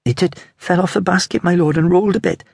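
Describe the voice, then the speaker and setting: A man's voice: high voice, fast, vocal fry, a little mellow, husky, no room sound, pitched above the performer's own voice, exaggerated voice. A man doing a frightened little urchin boy with a thin, piping voice barely above a whisper. It sits well above a man's range and sounds dry and close. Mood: pleading.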